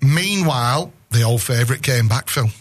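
A man's voice: mid-range voice, expressive, moderate pace. A male radio host chatting loosely in a studio, rambling and correcting himself as he goes. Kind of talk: casual studio banter.

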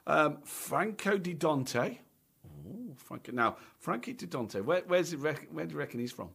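A Scottish man hosting a radio show with an animated, swooping delivery. His voice is bright and forceful, and he keeps the chat rolling with constant "okay"s and "right?"s. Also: fairly high pitch, fairly quick, creaky, husky. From Scotland. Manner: chatty, peppers speech with "okay" and "right?". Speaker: radio show host and drummer.

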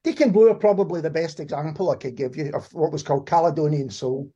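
Male interview host, high-pitched, relaxed and a little stammery; dull muffled sound. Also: fast, slightly rough. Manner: easygoing, stammers at the start of phrases. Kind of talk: casual interview.

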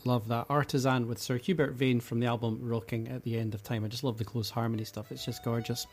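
A man's voice: mid-range voice, level tone, quick pace. A man hosting a radio music show, chatting casually and enthusiastically with rambling asides. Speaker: radio host.

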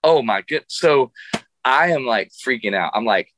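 A man's voice: mid-range voice, animated, unhurried, fairly bright tone, slight background noise. A middle-aged man, a guest musician, telling a funny story in a radio interview, laughing often and restarting his sentences.

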